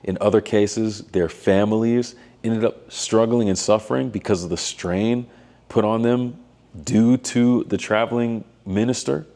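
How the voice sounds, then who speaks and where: Low mellow-voiced man musing on faith. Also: steady tone. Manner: thoughtful, measured, with frequent fillers and restarts. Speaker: doctoral student and missionary vlogger. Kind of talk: reflective faith talk.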